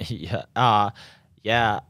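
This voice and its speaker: A young man with a lowish voice tells his stories in a loose, rambling way, with lots of restarts and fillers. The sound is close and dry, with no room around it. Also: very slow, a bit bright, no room sound. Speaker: professional triathlete guest. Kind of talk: casual conversational interview. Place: home in Boulder.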